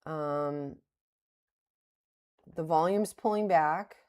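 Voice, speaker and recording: Speaking extremely slowly in a low, darkish, clean voice, a middle-aged woman livestreams her day trades. She thinks aloud, is openly self-critical about her mistakes and laughs here and there.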